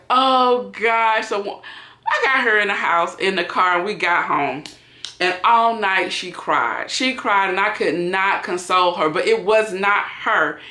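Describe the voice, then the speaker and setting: Woman vlogger chatting a story while wrapping presents, bright voice, roomy echo. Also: medium pitch. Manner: animated, acts out quotes. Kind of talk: casual storytime.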